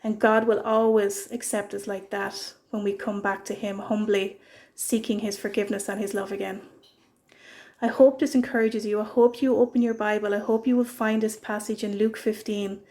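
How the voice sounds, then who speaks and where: A woman giving a short devotional church message, retelling a parable in an earnest, gentle way. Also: medium pitch, little pitch movement, moderate pace. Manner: earnest storytelling. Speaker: church speaker.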